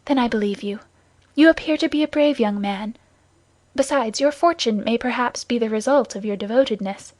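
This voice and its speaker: A woman's voice: on the high side, normal speed, darkish tone, no echo, natural voice. A woman voicing a frightened, secretive young woman in an audiobook, with urgent, pleading questions.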